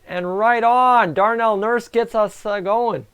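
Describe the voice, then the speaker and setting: A Canadian man hosting a live stream, giving excitable, chatty reaction commentary on a hockey game and talking to his viewers. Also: high-pitched, slow pace, clear, resonant tone. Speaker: livestream host.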